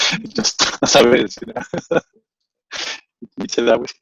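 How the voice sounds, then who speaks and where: A man with a Scottish accent explaining things in a relaxed panel chat, with frequent restarts. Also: mid-range voice, slow, breathy edge, no room sound, highs cut off. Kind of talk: casual panel discussion.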